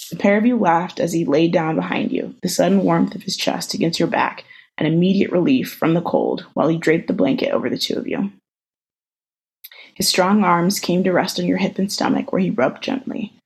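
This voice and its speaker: A woman co-hosting a podcast over a video call, reading a fan story aloud in an even, unhurried way. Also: on the low side, vocal fry, husky, rough recording. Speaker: podcast co-host.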